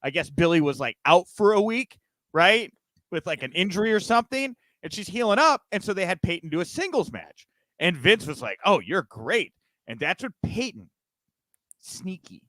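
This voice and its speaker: A high male voice, a little bright, moves at moderate speed with wide swings in pitch, and the recording has no echo. The man hosts a wrestling news podcast in a casual, giggly, rambling way, laughing at his own jokes and poking fun at himself.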